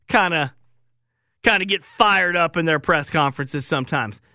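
A man's voice: high voice, pushed and bright, dry recording. A male sports radio host giving opinionated, emphatic call-in talk into a studio microphone.

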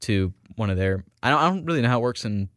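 A man co-hosting a sports talk radio show, giving opinions quickly with frequent restarts. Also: fairly low pitch, animated, fairly bright tone, no echo, clean studio sound.

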